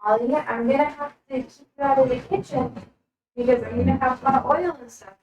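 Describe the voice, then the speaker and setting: A woman's voice: high voice, fairly even intonation, fairly quick, dull audio. A young woman livestreaming from her kitchen, chatting casually and rambling between talk to her pets. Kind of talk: casual chat while cooking.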